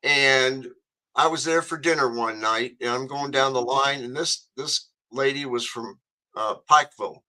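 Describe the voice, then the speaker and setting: A man hosting a radio show, chatting casually and telling animated stories. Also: mid-range voice, normal speed, low-quality recording. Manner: chatty storyteller, animated, laughs often.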